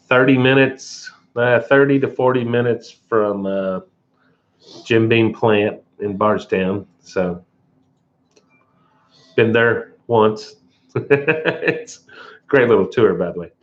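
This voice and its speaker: A man hosting a casual livestream in a relaxed way, reading viewer comments aloud and answering them. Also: lowish voice. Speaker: livestream host. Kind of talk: casual live chat. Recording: dull lo-fi livestream audio.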